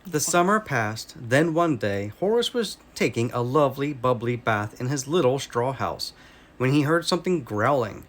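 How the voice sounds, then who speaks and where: A man with an American accent reading a children's story aloud in a slow, expressive way. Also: medium pitch.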